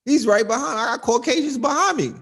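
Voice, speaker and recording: A man's voice: extremely high pitch, fairly quick, a bit bright. A man hosting a livestream, ranting in an emphatic, profane, casual way, often asking "you know what I mean.". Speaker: livestream host.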